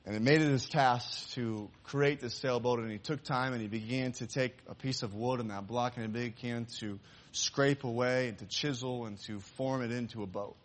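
A man preaching a sermon, telling a story and then turning it into an appeal to the congregation. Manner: animated storyteller, voices the excited boy in a raised pitch; slows and softens for the closing appeal. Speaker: pastor.

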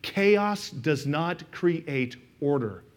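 A middle-aged pastor preaching in a church sanctuary, his voice sitting a little higher than most men's. He speaks in a loose, conversational way, mixing scripture with family stories and often turning to address the people in the pews. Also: lively intonation, very slow. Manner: conversational, anecdotal, speaks directly to the congregation. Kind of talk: sermon.

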